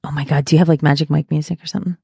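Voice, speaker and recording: A woman's voice: deep voice, fairly even intonation, rapid-fire, vocal fry, mellow, breathy edge, dry recording, studio quality. A woman co-hosting a podcast in casual chat, teasing and laughing often. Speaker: podcast co-host.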